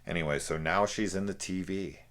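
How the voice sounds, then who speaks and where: A man's voice: low voice, a little fast, a bit bright. A young man casually reviewing a film, rambling, swearing freely and laughing at how silly it is. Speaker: movie reviewer.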